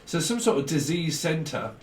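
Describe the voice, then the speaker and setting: A man's voice: a little high, big pitch swings, normal speed, recorded from a distance. A man giving a casual tarot reading, rambling from one association to the next and chuckling often. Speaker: tarot reader. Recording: roomy sound, off-mic, faint background hiss.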